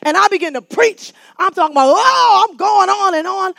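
A woman minister preaching a sermon, swinging between shouted exhortation to the congregation and casual storytelling. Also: very high-pitched, expressive, moderate pace, vocal fry, no room sound.

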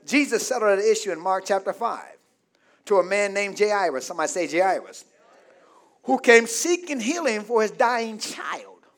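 A pastor with a strikingly high voice preaches in call-and-response style. He throws questions out to the congregation and rises to shouting at the peaks.

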